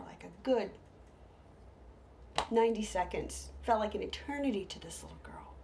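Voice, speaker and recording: A middle-aged woman telling humorous stories, lively, with hushed whispered asides. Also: medium pitch, normal speed, gravelly, background noise. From United States. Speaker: storyteller. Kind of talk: humorous stage storytelling.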